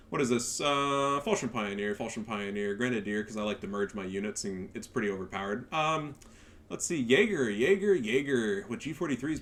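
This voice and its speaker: A man ranting in game commentary, sarcastic and profane, swinging up into shouts. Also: mid-range voice. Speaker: gaming video creator.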